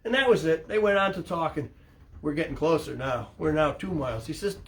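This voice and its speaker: An older fishing captain with a slightly high voice tells sea stories briskly in casual talk, with a little hiss or hum on the audio. He's an animated storyteller, acting out people's voices and laughing mid-story.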